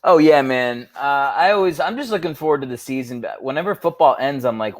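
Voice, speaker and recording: A man's voice: a little high, animated, a little fast, few pauses, dry recording. A man who is a comedian, guesting on a podcast over a video call, wry and rambling, mocking himself. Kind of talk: casual podcast banter.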